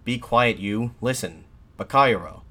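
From a balcony, a man in the role of a defiant nationalist addresses soldiers, his shouted pleas fervent and impassioned. The pitch runs fairly low and the pace is moderate.

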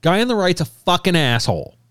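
A man in casual banter with friends, blunt and quick to swear, laughing easily as he reacts. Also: high voice, big pitch swings, a bit bright, clean tone, no room sound, studio quality.

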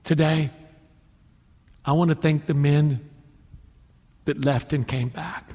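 A middle-aged male pastor preaching a sermon, slowing down dramatically to stress his points. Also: on the high side, steady tone, a little mellow. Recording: long hall reverb with music.

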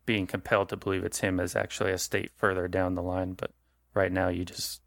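A man's voice: low voice, monotone, a little fast, vocal fry, no echo, studio quality. A man narrating as game master for a tabletop horror game, casual and rephrasing as he goes. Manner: conversational, restarts and rephrases.

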